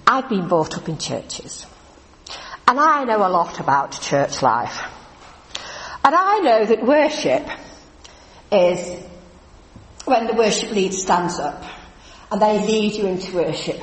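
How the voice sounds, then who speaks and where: A woman preaching in a chatty, animated storytelling way in a church. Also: fairly low pitch, unhurried, long pauses. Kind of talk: lively church talk. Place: church hall. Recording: echoey church hall from a distance.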